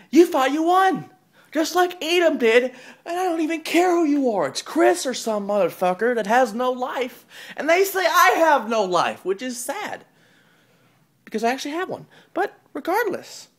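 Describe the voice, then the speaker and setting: A man delivering a profane wrestling-style promo rant, taunting and mocking, swinging between loud jeers and low mutters. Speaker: online wrestling promo host.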